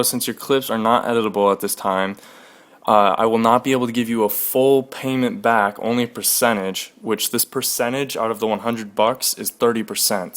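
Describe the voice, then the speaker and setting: A man's voice: fairly low pitch, a bit bright, clean tone. Aggrieved young man ranting. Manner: aggrieved, recounting a dispute with frequent profanity. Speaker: gaming clan leader. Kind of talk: casual screen-recorded rant.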